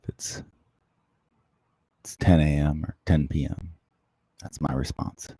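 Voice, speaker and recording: A man hosting a casual livestream, chatting softly and closely into the microphone as he answers viewer comments. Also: extremely low pitch, fairly even intonation, slow, breathy edge, no echo. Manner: soft-spoken, close to the mic. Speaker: livestream host.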